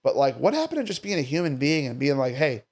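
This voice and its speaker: New comedian guy, swears a lot, kinda high voice, jumps topic to topic. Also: very animated, fast talker, a little mellow. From Staten Island, New York. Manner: brash, profane, jumps between topics. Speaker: guest comedian. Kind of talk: casual podcast chat.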